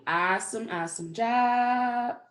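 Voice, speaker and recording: A woman's voice: fairly high pitch, takes it slowly. A woman teaching a kindergarten phonics lesson, patiently stretching out sounds and praising often. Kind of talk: slow phonics lesson for young children.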